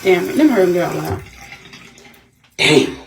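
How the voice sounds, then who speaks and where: A woman's voice: on the low side, very animated, normal speed, background noise. A woman venting to her vlog viewers in an agitated, profane, repetitive rant, shaken and upset. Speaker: vlogger.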